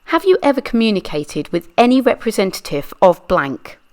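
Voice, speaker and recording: A woman's voice: mid-range voice, very animated, moderate pace, a little mellow, pitched above the performer's own voice, lightly acted. A woman reading as a pressing, methodical lawyer. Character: persistent adult lawyer questioning a witness. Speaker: true crime channel reader. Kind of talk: read-aloud deposition reenactment.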